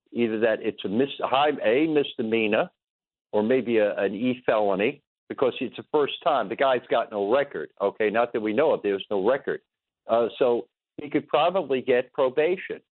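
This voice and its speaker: A man's voice: medium pitch, no echo. A man calling a radio show who is wry and lays out his points one by one, stumbling over words now and then. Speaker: radio caller. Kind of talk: call-in radio talk. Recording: phone line.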